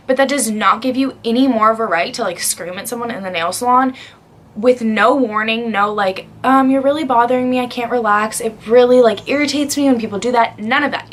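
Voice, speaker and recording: Brief: young female vlogger, bright, slightly high voice, chatty, animated storytime delivery. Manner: chatty, heavy use of "like", animated retelling. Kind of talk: casual storytime.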